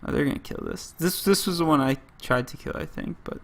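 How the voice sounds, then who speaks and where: A man's voice: fairly high pitch, fairly quick, creaky, a bit bright. A man from the United States giving rambling gameplay commentary, often breaking off mid-story and leaning on "like.". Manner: rambling, self-interrupting, lots of "like". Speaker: gaming channel host.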